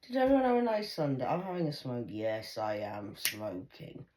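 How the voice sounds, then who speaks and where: A woman's voice: very deep voice, very animated, moderate pace, hardly any pauses, a little mellow. A woman vlogger talking in a blunt, rambling monologue full of swearing while she smokes.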